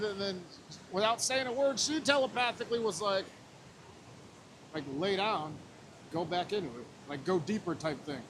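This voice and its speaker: A man's voice: sits high, moderate pace, pauses often, fairly bright tone, slight background noise. Emotional man telling a raw story. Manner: raw, emotional, swears often, retells scenes with quoted voices. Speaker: podcast guest. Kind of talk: personal storytelling in casual talk.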